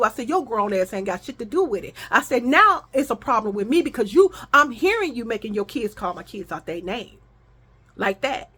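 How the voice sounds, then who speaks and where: A woman's voice: on the high side, sing-song, brisk, bright, forceful tone, slightly rough. A woman vlogger telling a story to her viewers in a casual, profane style, acting out the arguments she quotes.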